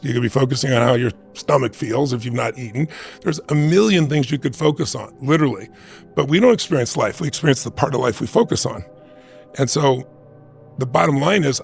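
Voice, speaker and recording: A man with a heavily gravelly voice, speaking at a middle pitch, answers an interview question like a motivational speaker. He talks emphatically and conversationally and keeps checking in with "right?". Faint music sits underneath. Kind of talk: interview answer with personal storytelling.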